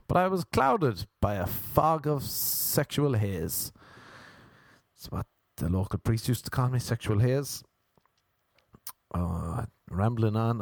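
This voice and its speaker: A young male vlogger rambles through a crude, joking comic monologue to camera, often breaking off to restart sentences. His voice is lowish and a little mellow, captured in clean studio sound with no room echo.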